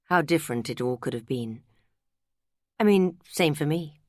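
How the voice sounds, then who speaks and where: A woman's voice: low voice, animated, moderate pace, dry recording. A woman voicing a worldly, self-mocking friend who tells stories with dry humour. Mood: wry amused. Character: wry, worldly woman friend, tipsy storyteller.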